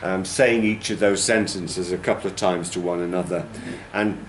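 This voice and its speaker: A man's voice: low-pitched, fairly even intonation, normal speed, a little hiss or hum. A man teaching a training class, explaining patiently and stretching words out to show their stress. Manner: patient and explanatory, exaggerates word stress in demonstrations. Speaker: TESOL course trainer. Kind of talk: classroom lecture. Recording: roomy classroom echo.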